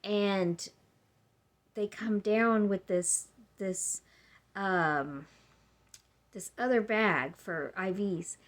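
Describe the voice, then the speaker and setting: A woman's voice: mid-range voice, drawn-out words, pauses often. Chatty woman telling a story to camera. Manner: chatty, rambling, acts out quoted people. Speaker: vlogger.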